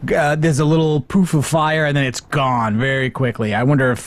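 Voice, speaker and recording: A man's voice: mid-range voice, fairly even intonation, a little fast. A man hosting a stream who muses aloud in a thoughtful, casual way and makes announcements to viewers. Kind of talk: casual commentary.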